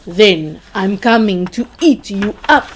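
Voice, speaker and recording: A woman voicing a gruff troll who lives under a bridge, growling and roaring as she reads a storybook aloud. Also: sits low, steady tone, extremely slow, a little mellow, voice pushed down, full character voice, low-quality recording. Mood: menacing.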